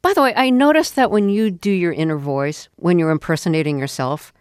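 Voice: medium pitch, a little fast, smooth, dry recording, clean studio sound. A radio interviewer holding a conversation, curious and asking direct questions.

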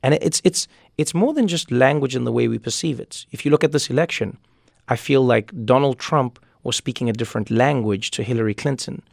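A man, a comedian and author telling lively stories in a radio interview, often repeating words as he starts a thought. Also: mid-range voice, vocal fry, dry recording, clean studio sound. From South Africa. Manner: animated storyteller, quick asides, repeats words when starting thoughts.

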